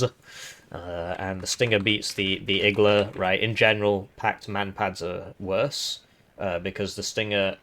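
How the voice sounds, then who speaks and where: A man with a lowish voice talks through strategy game tactics in a loose, explanatory way, tagging points with quick questions. His voice is hoarse and wearing out. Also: a bit bright. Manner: chatty, explanatory, tag questions. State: hoarse, voice giving out. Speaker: gaming video host. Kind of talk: casual game analysis.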